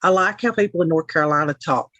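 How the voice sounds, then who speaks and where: A woman's voice: low-pitched, fast, a bit bright, no room sound, low-quality recording. Chatty Tennessee woman hosting a stream. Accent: Tennessee Southern. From Middle Tennessee. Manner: frank, sarcastic, chatty with frequent asides. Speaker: livestream host. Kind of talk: casual livestream chat. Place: home.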